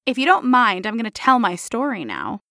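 A woman's voice: a little high, pushed and bright, no room sound, studio quality. A woman co-hosting a podcast in casual chat, teasing and laughing often. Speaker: podcast co-host.

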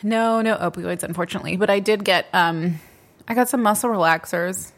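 A woman in her thirties on a podcast in a studio, telling stories casually with a wry, deadpan edge. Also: lowish voice, brisk, slight background noise. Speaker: podcast co-host. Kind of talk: casual storytelling chat.

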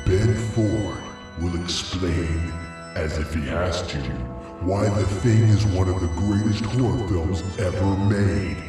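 A man reading a scripted episode intro in a measured, wry way. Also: sits low. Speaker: show announcer. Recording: echoey and distant over music. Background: music.

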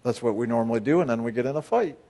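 Speaking to a spiritual retreat group, a man with a medium-pitched, gravelly yet mellow voice talks very fast and animatedly. He is blunt, fires rhetorical questions at the participants, and breaks into sudden emphatic bursts.

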